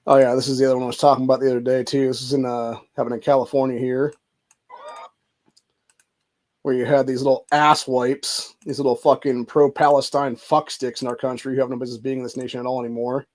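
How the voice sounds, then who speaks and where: A man's voice: medium pitch, flat delivery, fast talker, hardly any pauses, darkish tone. A man hosting a livestream, ranting angrily with constant cursing and saying "dude" a lot. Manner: angry, heavy cursing, says "dude" often. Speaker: show host. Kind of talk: profane livestream rant.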